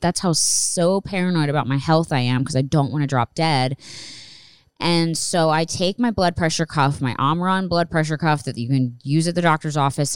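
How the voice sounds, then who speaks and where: A woman's voice: extremely low pitch, clear, resonant tone, dry recording, clean studio sound. Candid, profane woman in her thirties. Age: 30s. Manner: candid, profane, rambling with restarts. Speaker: podcast host. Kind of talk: casual storytelling monologue.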